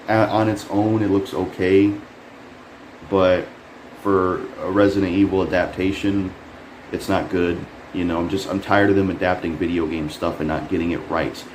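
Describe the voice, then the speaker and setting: A man casually reviewing a trailer, rambling and frustrated, swearing often and jumping up in pitch when he can't believe what he sees. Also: a little mellow. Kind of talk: casual profane commentary. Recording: echoey room with faint air conditioning hum.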